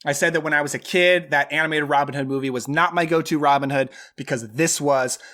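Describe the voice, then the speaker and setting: A man's voice: fairly high pitch, quick pace, bright, forceful tone. A man hosting a movie countdown, speaking in an enthusiastic, emphatic way. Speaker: movie reviewer. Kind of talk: opinionated countdown review.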